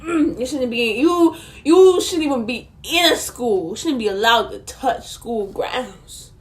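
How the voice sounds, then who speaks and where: A young woman with a high voice tells a storytime vlog to her viewers. She is indignant and sassy, throwing quick asides straight at the audience. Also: expressive. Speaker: vlogger.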